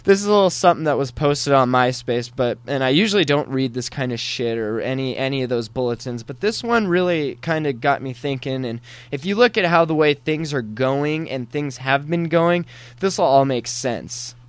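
A man's voice: medium pitch, animated, normal speed, clear, resonant tone, dry recording. Crude, joking male podcast host. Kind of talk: crude casual chat, reading a post aloud.

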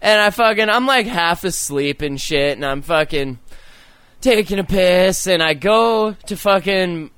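A man's voice: high voice, expressive, unhurried, fairly bright tone, clear, resonant tone, dry recording. A man hosting a podcast, telling crude stories in casual chat, swearing often and laughing at his own tales. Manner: profane, rambling, laughing storyteller. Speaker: podcast host.

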